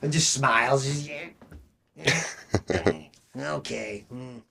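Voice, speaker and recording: A man's voice: mid-range voice, animated, takes it slowly, vocal fry, pushed and bright, a little hiss or hum. Rambling, laughing podcast co-host man. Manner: rambling storyteller, laughs mid-sentence. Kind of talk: casual chat.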